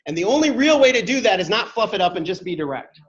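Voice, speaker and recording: Here a male workshop leader speaks quickly in a high-pitched voice with big swings in pitch, addressing the classroom directly and answering questions as they come. It's captured in an echoey space with dull, low-fidelity sound.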